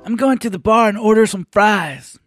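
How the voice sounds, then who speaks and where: A woman's voice: mid-range voice, normal speed, over loud music, lightly acted. A woman voicing a laid-back, dim-witted surfer-type band member who mangles words, in an amateur audio drama.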